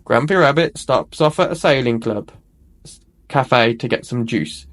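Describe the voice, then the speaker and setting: A man reading a picture book aloud to children, expressive, with small self-corrections. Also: mid-range voice, measured pace. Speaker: storyteller.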